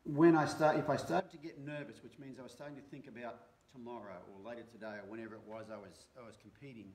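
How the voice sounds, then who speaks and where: A man who trains horses, talking casually in a live video with a relaxed, rambling way of telling stories and frequent restarts. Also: medium pitch, fast talker. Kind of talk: casual conversational chat.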